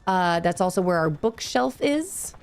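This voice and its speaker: A woman's voice: lowish voice, expressive, measured pace, smooth. A woman streaming a video game, chatting casually with her viewers and reacting with easy delight. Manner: bubbly, easily delighted, chatty. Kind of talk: casual live-stream gameplay chat.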